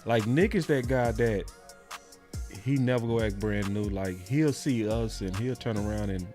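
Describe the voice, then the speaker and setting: A man hosting a casual sports talk stream, laid-back and slangy, quick to laugh. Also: on the low side, over music. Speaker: show host.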